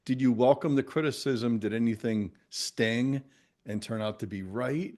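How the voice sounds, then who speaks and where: A man's voice: medium pitch, moderate pace, darkish tone. A man hosting a podcast interview, asking encouraging, probing questions. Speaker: podcast host.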